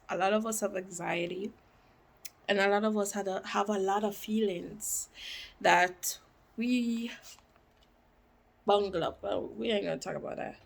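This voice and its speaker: A woman vlogging about books she has read, chatting casually and repeating quotes with rising emphasis, dropping into soft asides. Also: medium pitch. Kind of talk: casual book talk to camera.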